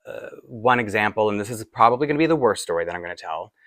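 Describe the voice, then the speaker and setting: A man in his forties tells a personal story at a casual, halting pace, full of fillers and restarts. His voice sits low, and the sound is dry and close. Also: animated, a bit bright, no echo. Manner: rambling, halting with many fillers. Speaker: doll collector vlogger.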